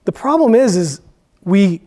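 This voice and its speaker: A man's voice: high-pitched, sing-song, measured pace, dark tone. A man who works as a firefighter, talking candidly about his job in a church Q&A, rambling with many fillers. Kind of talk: conversational Q&A in church.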